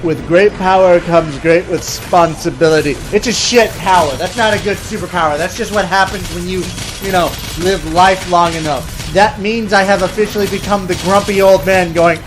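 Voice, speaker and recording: A man in his thirties with a high voice gives a sarcastic comedic rant over gameplay. He tells his story in an animated way, with plenty of swearing. Faint music plays behind him. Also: normal speed, hardly any pauses. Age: 30s. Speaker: comedic commentator.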